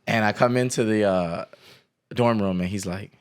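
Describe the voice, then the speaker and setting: A man's voice: on the low side, normal speed, clear, resonant tone. Casual young man telling stories. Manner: animated storyteller, laughs often, acts out quotes. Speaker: podcast host. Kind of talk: casual chat.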